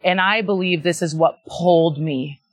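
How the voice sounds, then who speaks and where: A woman's voice: on the low side, moderate pace, husky, no room sound. A woman interviewing a guest in casual conversation, affirming him with many short agreements.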